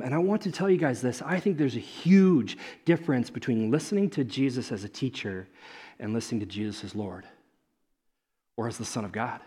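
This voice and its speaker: A man preaching a sermon as pastor, animated, swinging between loud excited stretches and soft hushed ones, acting out characters in quick asides. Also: mid-range voice, husky.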